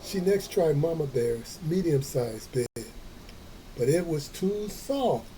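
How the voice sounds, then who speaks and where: Man, storyteller, children's tale, folksy asides, very slow, warm dark voice. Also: on the high side, big pitch swings, slight background noise, rough recording. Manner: slow, folksy, adds playful comments to listeners. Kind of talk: reading a children's story aloud with chatty asides.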